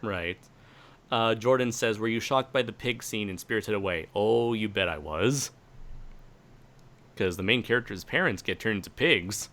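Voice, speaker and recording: A man hosts a casual podcast, reading out listener questions and tossing off quick, jokey answers. His voice is lowish but bright and forceful, with a crisp edge. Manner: jokey, reads questions then answers briskly. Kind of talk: casual chat.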